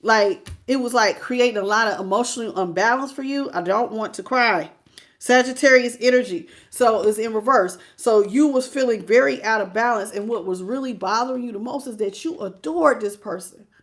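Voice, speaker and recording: A woman reads tarot live for her viewers. Her voice sits a little high, and she talks in a chatty, animated way that keeps spilling into emotion, as if she is close to tears. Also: fairly quick, few pauses. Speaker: tarot reader.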